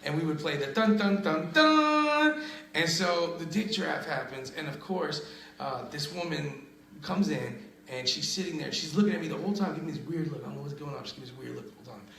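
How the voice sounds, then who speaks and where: Gravelly, crude storytelling comedian. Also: male voice, on the high side, fast talker, reverberant, low-quality recording. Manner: crude, animated storyteller, laughs often. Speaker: comedian and radio host. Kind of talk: casual podcast chat, storytelling.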